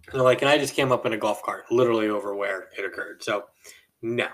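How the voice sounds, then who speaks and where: A young adult man casually telling a story from his job on a podcast, animated and acting out the people in it. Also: medium pitch, fast, far from the mic, rough recording. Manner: animated, acts out quoted people with a raised voice. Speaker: podcast host.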